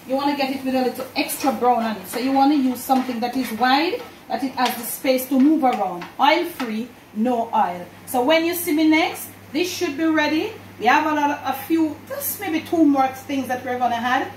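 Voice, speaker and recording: A woman's voice: high-pitched, normal speed, hardly any pauses, slight background noise. A woman with a Jamaican accent, a home cook demonstrating a recipe and talking chattily to her viewers as family. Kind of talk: cooking demonstration. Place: home kitchen. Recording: echoey kitchen, distant mic. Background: clatter of dishes and pans.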